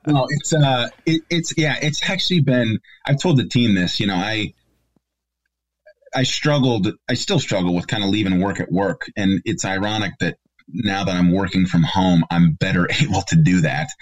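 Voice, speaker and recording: Low-voiced man, halting and rambling. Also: low-quality recording. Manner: rambling, many fillers and restarts. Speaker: guest, company regional director. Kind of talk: casual interview chat. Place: home basement office.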